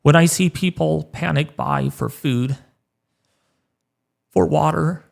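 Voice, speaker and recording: A man in his thirties hosting a weather livestream, choked up and halting, repeating words as he talks. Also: on the high side, gravelly. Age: 30s. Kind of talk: emotional livestream talk.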